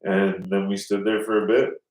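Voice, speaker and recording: Man, low voice, casual rambling story, swears a lot, roomy room, off-mic. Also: level tone, moderate pace, a little mellow, far from the mic. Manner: rambling, swears often, acts out quoted voices. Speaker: podcast host.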